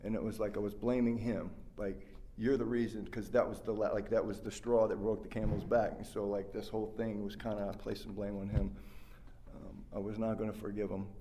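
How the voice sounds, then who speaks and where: A man's voice: lowish voice, little pitch movement, fairly quick, dark tone, a little hiss or hum. A man giving a rambling, heartfelt personal share as a speaker at a recovery workshop, full of fillers and restarts. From West Virginia.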